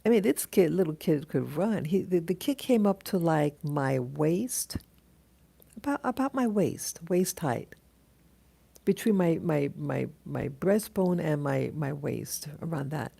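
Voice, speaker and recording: A woman telling a dream in a casual, halting monologue, full of restarts and fillers as she greets viewers of her live stream. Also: sits low, lively intonation, vocal fry, mellow, husky. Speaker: vlogger recounting a dream.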